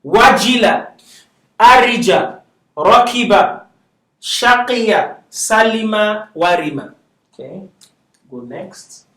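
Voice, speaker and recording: High-voiced man teaching in an echoey classroom. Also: lively intonation, a bit bright, distant mic. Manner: drills words slowly, laughs often, chatty asides. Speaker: Arabic teacher. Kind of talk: classroom lecture, reading word lists aloud.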